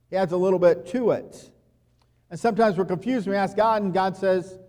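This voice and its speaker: Conversational pastor in a reverberant hall. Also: male voice, high voice, fairly even intonation, quick pace. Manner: conversational, drops to quiet asides and acts out quotes. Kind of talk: sermon.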